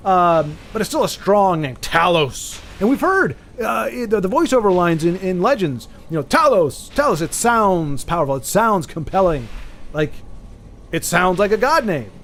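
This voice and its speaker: A man streaming a game and chatting casually, rambling with frequent restarts and sudden excited bursts. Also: high voice, normal speed, slight background noise. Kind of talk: casual chat while gaming.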